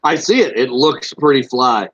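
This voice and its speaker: A man's voice: medium pitch, lively intonation, moderate pace, fairly bright tone, slightly rough, dry recording, highs cut off. A young man co-hosting a podcast, laid-back and blunt, swearing freely in casual chat. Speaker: podcast co-host.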